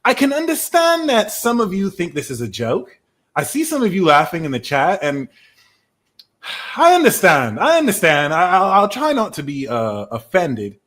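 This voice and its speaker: A man's voice: high-pitched, wildly swooping pitch, normal speed, fairly bright tone, exaggerated voice. A man putting on a boastful British tarot-reader persona with a put-on, half-Americanized British accent, teasing and rambling with fillers on a live stream. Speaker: tarot reader, livestream host.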